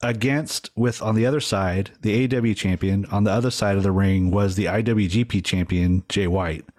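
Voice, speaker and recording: A notably deep-voiced man co-hosts a podcast, chatting casually about wrestling at a moderate pace. Relaxed and a bit rambling, he hedges with fillers as he thinks aloud. The sound is dry and close, with no room around it.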